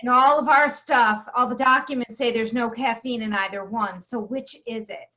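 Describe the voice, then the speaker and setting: A woman's voice: a little high, fairly even intonation, normal speed, sharp tone. A woman on a video call asking direct, pointed questions. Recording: dull video-call audio.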